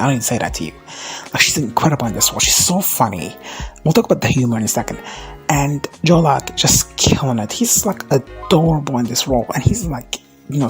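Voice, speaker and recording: A woman giving a casual, excitable recap of an episode, rambling with slang, filler words and swearing. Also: rumbling low. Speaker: reaction vlogger.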